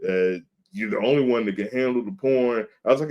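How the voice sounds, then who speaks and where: A man hosting a podcast, telling a story in a casual, animated way and acting out the other people's voices. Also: medium pitch, brisk, lo-fi sound. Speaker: podcast host.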